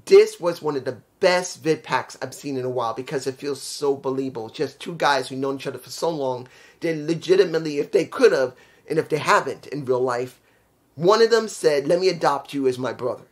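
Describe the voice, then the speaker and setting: A man's voice: medium pitch, a little fast. A young man casually reviewing a wrestling show, rambling and repeating his points for emphasis.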